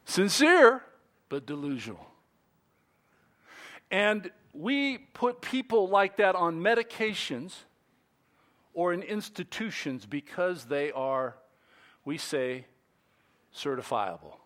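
A man with a high voice that jumps all over in pitch preaches a sermon at an unhurried pace. He's an animated, playful storyteller who acts out quotes and little scenes to drive his points home.

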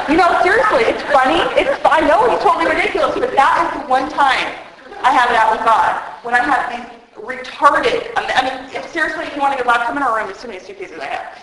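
Middle-aged woman preacher, high voice, animated and humorous, booming echo of a large hall. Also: moderate pace, a crowd in the background. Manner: animated, jokey, acts out voices. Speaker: women's speaker preaching on Genesis. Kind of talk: sermon. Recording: very echoey hall.

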